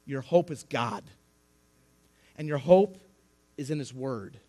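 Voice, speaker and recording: A man preaching a sermon, building to impassioned, shouted emphasis with repeated rhetorical questions. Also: medium pitch, expressive, slow, pauses often.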